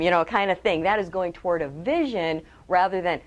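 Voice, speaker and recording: A woman trainer giving a webcast talk on public speaking. She is lively, asks her audience direct questions and acts out quotes in changed voices. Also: fairly low pitch, fairly quick, hardly any pauses. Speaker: communication trainer.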